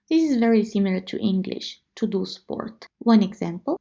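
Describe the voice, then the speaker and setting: Gravelly Italian woman teaching slowly. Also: mid-range voice, warm tone. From Italy. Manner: slow, careful repetition for learners. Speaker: language teacher. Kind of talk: language lesson. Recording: slightly dull lo-fi audio.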